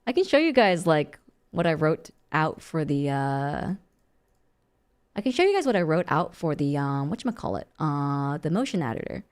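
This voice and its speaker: A young woman streamer chatting casually and playfully. She mocks herself, breaks into loud laughter, and sometimes drops to a low, calm natural voice. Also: normal speed, smooth. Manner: playful, self-mocking, bursts of loud laughter. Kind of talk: casual live-stream chat.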